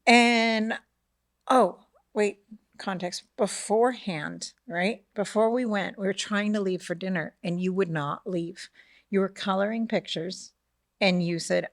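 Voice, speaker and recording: A middle-aged woman, the host's mother and a podcast co-host, tells a family story in casual chat at a medium pitch and unhurried pace, recorded at studio quality with no echo. She's animated, acting out the voices of the people involved and often asking "right?".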